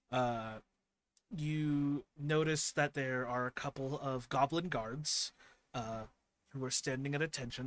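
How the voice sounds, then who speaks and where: A man's voice: mid-range voice, a bit bright. A man running a tabletop role-playing game, describing the scene in detail with many fillers and restarts. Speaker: game master.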